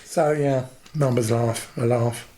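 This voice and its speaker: A man talks as a podcast guest. His delivery is camp and animated, and he often jumps up high when he mimics his mother. His voice sits at a middle pitch for a man. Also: slow pace, slight background noise. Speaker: guest, drag performer. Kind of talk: casual interview storytelling.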